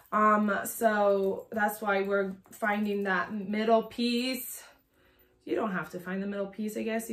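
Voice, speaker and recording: A woman in her thirties talks through a sewing tutorial at home, her throat sore and a little strained. She chats loosely, wandering into asides and filling pauses with "um." The room around her is bare and echoey. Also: mid-range voice, a bit bright. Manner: chatty and rambling, many "um"s and asides. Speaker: sewing pattern designer demonstrating a project. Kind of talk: casual sewing tutorial chat.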